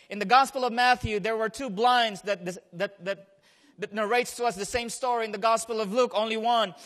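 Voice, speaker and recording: High-voiced man preaching a sermon. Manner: swings between hushed and loud delivery; repeats and restarts phrases. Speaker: pastor.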